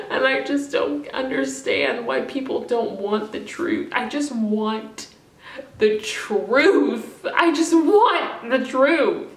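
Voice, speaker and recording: A woman's voice: mid-range voice, roomy sound, far from the mic. A woman ranting in an emotional vlog, crying, frustrated and rambling, swearing often. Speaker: vlogger.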